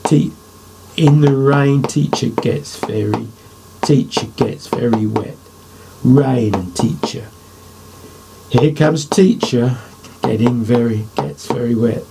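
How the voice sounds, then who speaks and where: A man's voice: mid-range voice, slow pace, creaky, long pauses, noisy background. An older man, a poet, giving a writing lesson to children, thinking aloud as he drafts and praising imagined answers.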